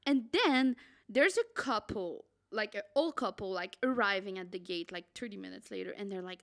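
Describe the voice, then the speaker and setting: A young woman, a podcast co-host, telling a travel story in a dramatic, excitable way and saying "like" a lot. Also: mid-range voice, normal speed, gravelly. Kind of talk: casual storytelling.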